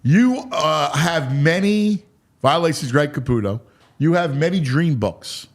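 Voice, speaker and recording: A man hosting a sports talk show, telling a story in a lively, animated way. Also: fairly high pitch, unhurried. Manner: animated storyteller, acts out quotes. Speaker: sports radio host.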